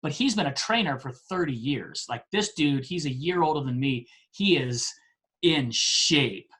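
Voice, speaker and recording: Man, forties, podcast guest, casual storytelling, animated, self-deprecating. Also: a little high, measured pace. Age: 40s.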